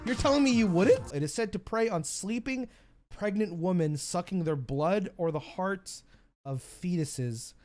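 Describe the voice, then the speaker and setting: A man hosting a video essay, giving crude comedic commentary in a blunt, jokey way. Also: a little slow. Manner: blunt, crude, jokey, with lively swings of pitch. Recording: voice-over with loud music behind.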